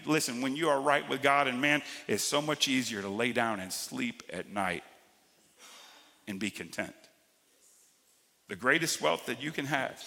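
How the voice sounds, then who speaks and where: A man preaching a sermon as pastor, swinging between loud emphatic lines and quiet drawn-out ones. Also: medium pitch, in a large hall.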